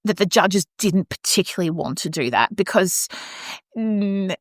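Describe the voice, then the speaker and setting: A woman's voice: medium pitch, a little slow, no room sound, clean studio sound. A woman with an Australian accent, a podcast co-host and opera singer, telling a story in a casual chat and acting out the voices of the people in it. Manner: animated, acts out quoted voices.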